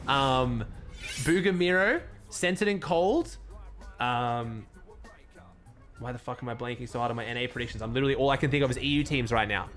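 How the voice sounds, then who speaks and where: A man's voice: medium pitch, normal speed, fairly bright tone, soft background music. A young Australian man streaming casually, laid-back and cursing freely as he thanks viewers and comments on the game.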